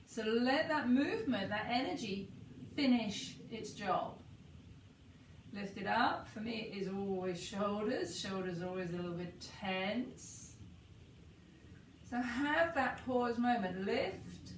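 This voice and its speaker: Calm woman guiding a yoga pause. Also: medium pitch. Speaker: yoga teacher. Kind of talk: guided yoga and breathing session. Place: indoor room, rain on the roof. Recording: roomy and slightly distant, faint background noise.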